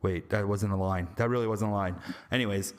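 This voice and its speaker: A man's voice: on the low side, fairly even intonation, fast talker, a little hiss or hum. A man reviewing a movie in a casual vlog, rambling, slangy and jokey. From Canada.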